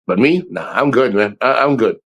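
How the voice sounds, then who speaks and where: A man's voice: medium pitch, expressive, normal speed, fairly bright tone. A middle-aged man hosting a livestream, talking in a rambling, blunt and profane way. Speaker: livestream host. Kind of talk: casual livestream talk.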